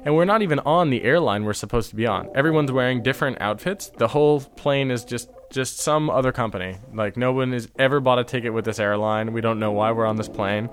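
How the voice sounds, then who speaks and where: A man's voice: mid-range voice, brisk, hardly any pauses. A man telling a travel story as an interview guest, rambling with many fillers and restarts. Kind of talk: casual anecdote telling.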